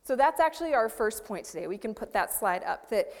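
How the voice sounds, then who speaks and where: A woman's voice: on the high side, expressive, brisk, long reverb tail. A woman pastor preaching a chatty, self-deprecating sermon, often checking in with her listeners. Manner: chatty, self-deprecating, frequent "right?" asides.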